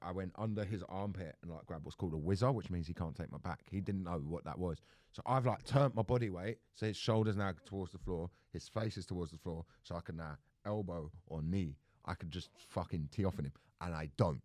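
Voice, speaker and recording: A young man talks casually on a podcast. He acts out every voice in his stories and swears freely. His voice sits a bit low, and the recording is close and dry. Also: a little fast, darkish tone, no echo. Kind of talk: casual chat.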